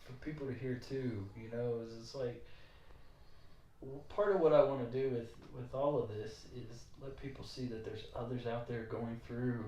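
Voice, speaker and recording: A middle-aged man hosting a podcast, talking in a rambling, animated way with jokey asides. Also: mid-range voice, moderate pace, far from the mic. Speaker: podcast host. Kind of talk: casual interview chat. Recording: roomy, from off mic.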